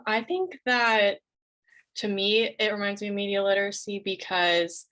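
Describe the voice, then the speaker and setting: A woman on a casual panel speaks in a somewhat low voice. She hesitates and searches for her words as she goes. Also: fairly bright tone.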